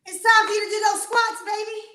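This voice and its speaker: A woman's voice: extremely high pitch, flat delivery, fast, sharp tone, roomy sound. A woman fitness trainer, out of breath, energetically coaching a live workout, counting reps and calling out commands.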